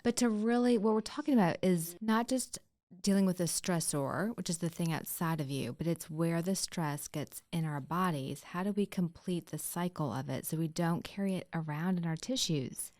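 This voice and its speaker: A woman co-hosting a podcast, explaining things in a calm, reassuring way during a casual conversation. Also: fairly low pitch, normal speed, hardly any pauses. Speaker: podcast co-host.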